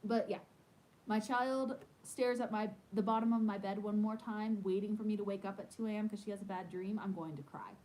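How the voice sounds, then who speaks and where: A woman in her thirties, a podcast host, chatting casually and telling animated stories with lots of "like". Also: medium pitch, brisk, poor audio. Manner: chatty, animated storytelling with many "like"s. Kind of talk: casual chat.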